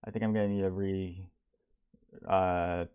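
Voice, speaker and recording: A young man streaming as he builds a game level, talking casually in a halting way with many restarts and fillers. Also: deep voice, flat delivery, smooth, highs cut off. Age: young adult. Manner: halting, many restarts and ums, reads chat aloud. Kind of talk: casual live-stream talk.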